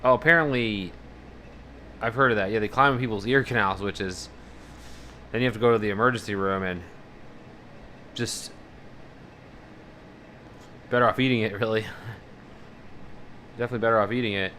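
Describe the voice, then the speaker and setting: Casting note: male streamer, lowish pitch, bright edge, rambling casual chatter with a faint hum behind. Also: normal speed, long pauses. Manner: rambling, profane, animated about fears. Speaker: livestreamer. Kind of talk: casual live-stream chat, reading out viewer messages.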